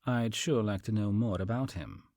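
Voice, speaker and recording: A man's voice: lowish voice, normal speed, darkish tone, no room sound, clean studio sound, close to an everyday voice. A man doing a gossipy suspicious old woman. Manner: whispering, suspicious. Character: gossipy suspicious older small-town woman.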